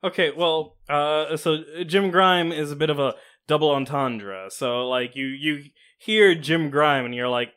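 A man's voice: on the high side, measured pace, hardly any pauses, fairly bright tone, smooth. A man co-hosting a comedy podcast, eager and rambling, often laughing. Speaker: podcast co-host. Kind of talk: improvised comedy chat.

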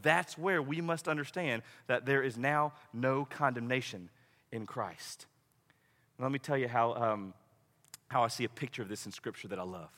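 A male pastor preaching a sermon in a lively, conversational way, acting out quoted voices along the way. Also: mid-range voice, moderate pace, long reverb tail.

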